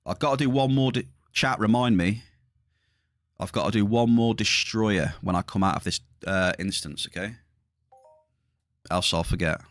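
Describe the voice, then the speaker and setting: A man's voice: on the low side, normal speed, long pauses, no echo, clean studio sound. A middle-aged man chatting casually to viewers during a livestream, rambling, his voice slightly strained. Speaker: livestreaming gamer.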